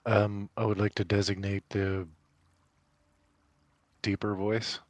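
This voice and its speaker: A man playing a tabletop game, talking through tactics in a laid-back, dry manner. His voice sits somewhat low. The sound is close and dry, with no room echo. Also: level tone, slow pace. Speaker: player. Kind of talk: casual tabletop game chat.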